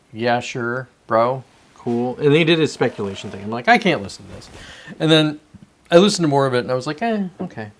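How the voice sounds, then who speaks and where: A man hosting a casual solo livestream, rambling and talking to his chat viewers by name between sips of coffee. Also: mid-range voice. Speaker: livestream host.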